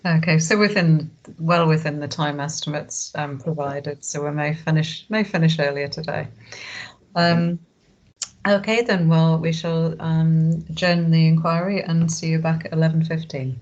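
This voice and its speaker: A woman's voice: low-pitched, fairly even intonation, moderate pace, a little mellow. A woman chairing a formal planning inquiry over a video call, polite and hesitant with dry humour. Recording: dull lo-fi video call audio.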